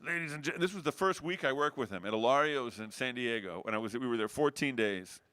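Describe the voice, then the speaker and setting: A man's voice: medium pitch, expressive, a little fast, pushed and bright, clean tone, no echo. A middle-aged man, a jazz saxophonist, telling rambling stories in a casual interview. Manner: rambling anecdotal storyteller with frequent restarts.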